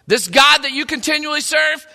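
A man's voice: extremely high pitch, normal speed, gravelly, pushed and bright, pitched above the performer's own voice, exaggerated voice. A man voicing an ancient king who casually reassures his friend, speaking emphatically. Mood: reassuring. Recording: long hall reverb.

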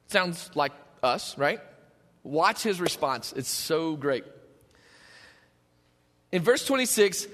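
A man preaching a sermon, telling the story in an animated way and acting out the scenes. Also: high voice, moderate pace, in a large hall. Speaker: pastor.

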